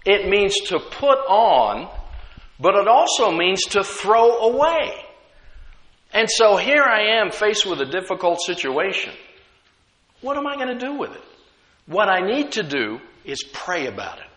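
Lively bright-voiced pastor preaching in a hall. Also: male voice, sits high, a little slow. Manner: conversational preaching with rhetorical questions. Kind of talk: sermon.

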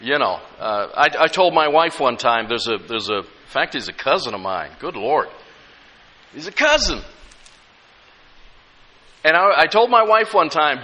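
A man's voice: fairly high pitch, sing-song, moderate pace, bright, forceful tone. A middle-aged male pastor preaching a sermon, emphatic and conversational with humorous asides. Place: church sanctuary. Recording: echoey church hall.

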